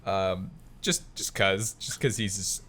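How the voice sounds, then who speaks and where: A man's voice: low voice, a bit bright, slight background noise. Laughing young man reviewing a film. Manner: rambling, laughs often, quick quoted impressions of film lines. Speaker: podcast co-host. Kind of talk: casual film review chat.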